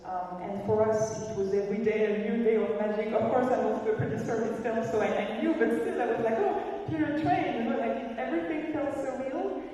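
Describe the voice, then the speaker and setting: Woman director fielding questions in a big hall; warm, rambling, laughs easily; distant, reverberant mic. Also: on the high side, fairly quick. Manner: chatty, laughing, many fillers and restarts. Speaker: film director and producer. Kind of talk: festival Q&A answers. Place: large theater. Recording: echoey hall from far off, faint noise.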